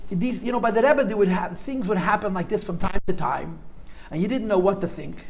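An older man recounts memories to a live audience in a vivid, demonstrative storytelling manner, peppering his talk with Yiddish and Hebrew words. His voice sits high and has a rough, gravelly edge. A faint hiss of noise lies under the recording. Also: fairly quick.

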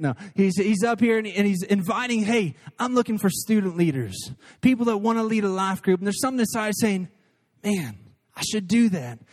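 Earnest, high-voiced man preaching a sermon. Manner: earnest and animated, shifting between quick asides and slow emphatic lines. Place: church service before a crowd.

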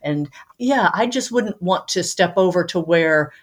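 A woman with a fairly low voice talks as a guest on a podcast, telling stories in an easy, chatty way. She laughs often as she goes. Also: animated, measured pace. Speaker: romance author and guest. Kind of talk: casual podcast conversation.

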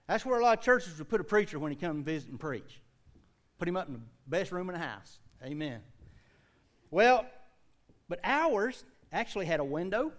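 A Southern US preacher in his forties telling a folksy story from the pulpit. His voice sits high for a man, and he jumps into loud bursts and chatty asides to the congregation. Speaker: pastor. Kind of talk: sermon.

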